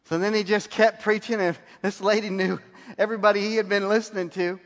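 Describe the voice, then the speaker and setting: A man's voice: high-pitched, level tone, a little fast. A man preaching a sermon, telling stories and laughing at his own anecdotes. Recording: long hall reverb.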